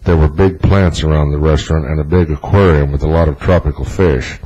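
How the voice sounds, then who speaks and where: A man reading a novel aloud as narrator in a flat, even delivery. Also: rumbling low, brisk, slightly rough, lo-fi sound. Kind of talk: audiobook narration.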